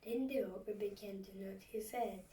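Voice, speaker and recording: A woman reading a fairy tale aloud, often in a hushed whisper, with a dramatic manner. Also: mid-range voice, moderate pace. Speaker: storyteller. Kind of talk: storybook narration, often whispered. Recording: echoey room, far from mic, faint hiss.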